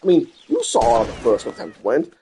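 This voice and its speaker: A man's voice: mid-range voice, huge pitch swings, normal speed, warm tone. A man giving casual gameplay commentary as a let's play gamer, ranting and swearing in exasperation. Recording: game gunfire and noise behind voice.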